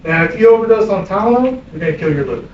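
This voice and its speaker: Speaking very fast and with animation, a middle-aged EMS instructor lectures a room of medics, swearing bluntly, peppering them with questions, and telling anecdotes. His voice is somewhat high for a man, recorded from far away in an echoey room, sounding dull and lo-fi with faint background noise.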